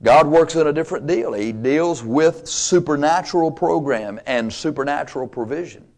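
Emphatic male preacher, slightly high voice. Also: normal speed. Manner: emphatic, swings between loud and quiet, playful asides. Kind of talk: sermon.

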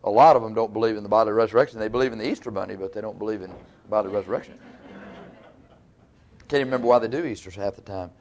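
A man's voice: lowish voice, very fast, pauses often, darkish tone. A man preaching a sermon in a folksy, conversational way, teaching verse by verse with asides to the congregation.

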